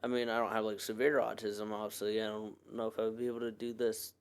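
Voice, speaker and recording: Guy talking solo on his podcast, smooth clear voice, kinda rambly and earnest, lots of likes and ums. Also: lowish voice, little pitch movement, fast. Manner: rambling, loose and earnest, with many fillers and restarts. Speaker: podcast host. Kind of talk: casual solo podcast monologue.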